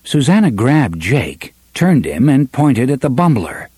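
Expressive male audiobook narrator. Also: medium pitch, unhurried, breathy edge, no echo, clean studio sound. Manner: expressive storytelling, varies pace for drama. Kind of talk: scripted narration.

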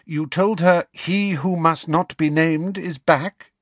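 A man's voice: a little high, fairly even intonation, slow pace, dry recording, pitched above the performer's own voice. A man reading an audiobook, voicing a strict older female professor who speaks in a clipped, snapping way. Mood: stern.

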